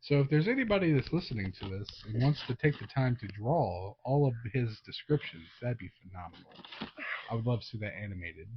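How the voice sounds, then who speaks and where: Laid-back dad co-hosting a movie review chat. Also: male voice, mid-range voice, brisk, slightly rough. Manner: relaxed, affirming, asks clarifying questions. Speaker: podcast co-host, father. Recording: dull lo-fi recording.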